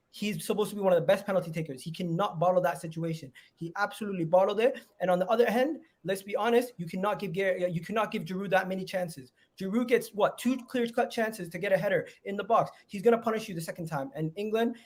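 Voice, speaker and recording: A man with a notably high voice who talks very fast as a caller on a live stream. He argues and teases without backing down. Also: darkish tone. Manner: teasing, argumentative. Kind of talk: heated live stream chat.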